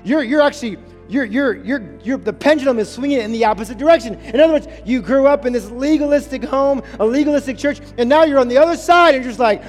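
A man's voice: very high voice, fast, hardly any pauses. A male pastor preaching a sermon in a church, emphatic, repeating key phrases and checking in with the congregation. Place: church sanctuary. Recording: long reverb in a church hall with music.

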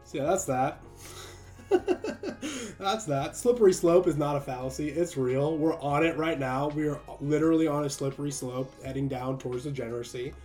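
A man's voice: on the high side, normal speed, darkish tone, faint music behind. A man delivering a sarcastic opinion monologue, mocking his targets and laughing often. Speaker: commentator.

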